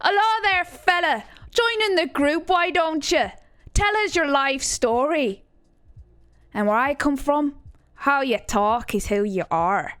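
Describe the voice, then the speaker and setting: A woman's voice: sits high, expressive, slow pace, fairly bright tone, no echo, pitched above the performer's own voice, exaggerated voice. A woman voicing a chatty, gossiping Irish local in a put-on Irish accent, delivering a crude, confiding monologue.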